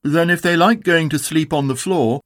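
Man reader voicing a gentle storybook bear, mild, ponderous, dry recording. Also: a little high, normal speed, dry recording, voice pushed up, lightly acted. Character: gentle sleepy male teddy bear. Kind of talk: storybook reading.

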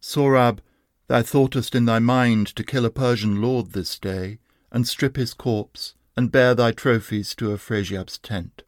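A man reading a proud, bitter old warrior lord's speech in a slow, measured, archaic declaiming manner. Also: mid-range voice, steady tone, vocal fry, no echo, studio quality. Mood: bitter scorn. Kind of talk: poetry reading.

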